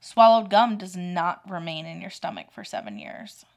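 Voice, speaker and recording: A woman's voice: lowish voice, big pitch swings, moderate pace, vocal fry. Woman reading out myth facts. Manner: reads myths off a list, dry short reactions. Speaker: podcast co-host. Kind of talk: casual chat, reading out facts.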